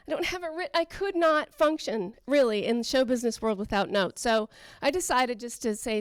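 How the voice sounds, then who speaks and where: A woman from Oakland doing a rambling, self-deprecating stand-up routine with halting restarts. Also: a little high, clean tone, dry recording. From Oakland, California. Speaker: stand-up comedian.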